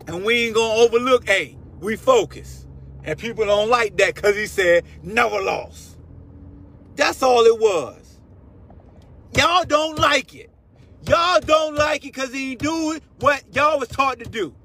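A man's voice: extremely high pitch, expressive, moderate pace, bright, forceful tone. A man hosting a sports talk show, ranting and interrupting in a fiery, slangy way. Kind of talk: heated sports talk rant.

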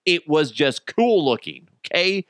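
A man's voice: measured pace, no echo. Guy ranting on his podcast, swears a lot, laughs at himself, voice jumps all over, dry close sound. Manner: animated, swearing, laughing at his own stories, acts out bystanders in high voices. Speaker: podcast host. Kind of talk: casual solo podcast rant.

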